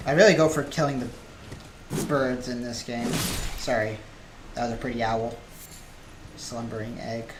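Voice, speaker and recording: A man's voice: mid-range voice, little pitch movement, measured pace, long pauses. A man live-streaming a video game, chatting casually and thinking aloud with fillers as he plays. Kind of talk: casual live-stream chat while gaming. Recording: echoey room with loud background noise.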